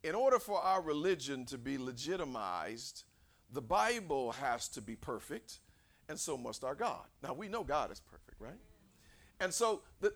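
A man preacher delivering a sermon, animated and quizzing his congregation with direct questions. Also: mid-range voice, moderate pace.

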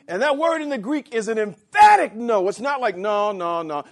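A man preaching a sermon. He reads scripture slowly, explains it in plain words, and rises to emphatic shouts. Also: sits high, big pitch swings.

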